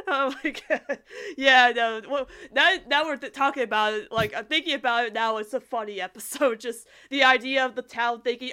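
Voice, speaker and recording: Giggly, bright-voiced young woman. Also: high-pitched, moderate pace, clean tone. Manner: giggly, rambling with many fillers. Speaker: podcast co-host. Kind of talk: casual chat reviewing a cartoon episode.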